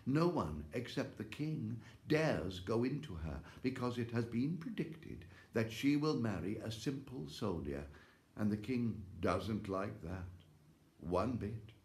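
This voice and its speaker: A man's voice: fairly low pitch, big pitch swings, measured pace, a little mellow. A man voicing confiding townsfolk, telling what they know in a fairy tale reading. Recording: echoey room.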